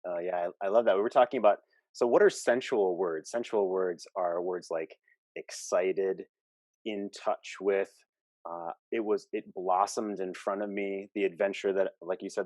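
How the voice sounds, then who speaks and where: A man with a lowish voice talks through relationship coaching in an earnest, explaining way, acting out little quoted lines as examples. The sound is dry and close, with no room around it. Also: darkish tone, no echo. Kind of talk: coaching podcast talk.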